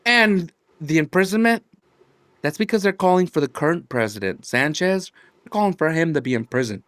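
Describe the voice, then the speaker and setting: A man's voice: a little high, animated, a little fast, a bit bright, no room sound. A man co-hosting a podcast, chatting casually and laughing often as he restarts sentences. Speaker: podcast co-host. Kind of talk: casual political chat.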